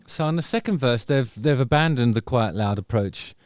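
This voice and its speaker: A man's voice: mid-range voice, animated, normal speed. A man hosting a music review video, musing through casual reaction commentary and trailing off into self-corrections. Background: faint music from the video under review.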